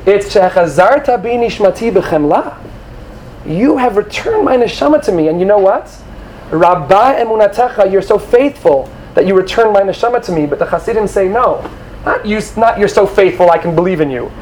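A man giving an animated sermon to young students, acting out quoted voices and sprinkling in Hebrew terms. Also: sits high, brisk, slight background noise, rough recording. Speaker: rabbi or teacher addressing students.

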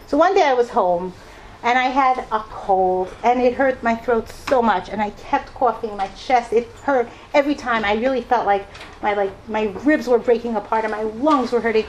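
A woman's voice: on the high side, moderate pace, slight background noise, poor audio. A mother telling personal stories to a live audience, laughing often and acting out the people she quotes. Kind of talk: personal storytelling talk.

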